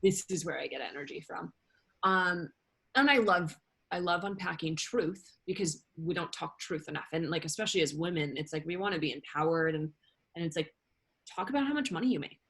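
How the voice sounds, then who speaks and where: Woman guest chatting fast, lots of likes and ums, a bit low-pitched. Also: slightly rough. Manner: animated, fast and rambling with many fillers. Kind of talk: casual interview chat.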